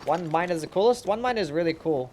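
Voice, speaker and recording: A man's voice: a little high, expressive, quick pace, a little mellow, slight background noise. A man chatting casually on a live game stream, rambling with lots of fillers as he answers chat. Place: home desk.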